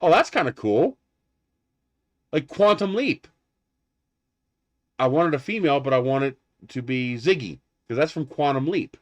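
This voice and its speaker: A man hosting a loose, unscripted livestream, wandering from thought to thought in an easy, rambling way. His voice sits at an ordinary middle pitch, and he often breaks into laughter at his own jokes. The sound is dry and close, with no room echo around it. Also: animated, unhurried, long pauses. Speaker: livestream host. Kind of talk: casual livestream chat.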